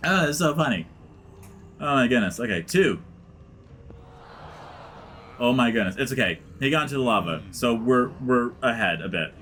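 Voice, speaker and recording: A man's voice: medium pitch, a bit bright, slight background noise. Rambling man narrating gameplay. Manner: rambling, heavy use of like, dips into mutters. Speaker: let's play gamer. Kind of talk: casual gameplay commentary.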